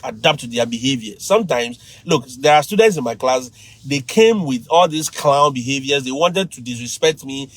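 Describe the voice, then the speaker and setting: A man with a Ghanaian accent, a teacher giving lively advice to fellow teachers on a livestream, often laughing and mimicking students. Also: mid-range voice, normal speed, no room sound, low-quality recording.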